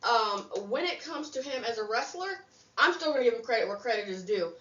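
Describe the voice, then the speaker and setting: A woman's voice: a little high, lively intonation, fairly quick, bright, forceful tone. A woman co-hosting a wrestling podcast, outspoken and sassy in casual chat. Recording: roomy, distant, dull mic.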